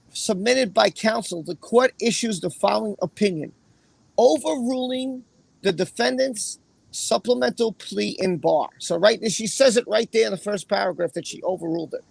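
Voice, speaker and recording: A man hosting a casual livestream with a raspy voice, chatting and then reading a court opinion aloud in a rambling way. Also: sits high, no echo. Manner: rambling, chatty, with fillers and repeated phrases. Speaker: livestream host.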